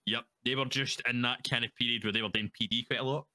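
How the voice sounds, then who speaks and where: A Scottish man talks as an interview guest in quick, run-on bursts, full of swearing and laughter. His voice is bright and sharp at a middle pitch. The sound is close and dry, with no room around it. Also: fairly even intonation, dry recording. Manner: rambling, sweary, laughs often. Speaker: guest roleplayer. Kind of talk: casual interview chat.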